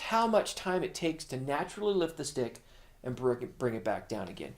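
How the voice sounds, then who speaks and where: A man's voice: medium pitch, animated, normal speed, background noise. A middle-aged man teaching a drum lesson, explaining patiently in plain words and counting beats aloud. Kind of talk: instructional video lesson.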